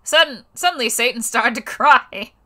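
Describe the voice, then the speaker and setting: A woman's voice: a little high, normal speed, pushed and bright. A young woman on a livestream reading a fanfiction aloud for laughs, stumbling over words and breaking off into exasperated, cursing asides. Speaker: streamer.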